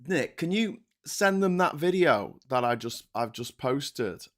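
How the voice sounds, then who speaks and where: A man's voice: medium pitch, expressive, a little slow. A man hosting a casual livestream from home, reading chat aloud and ranting sarcastically, laughing between lines.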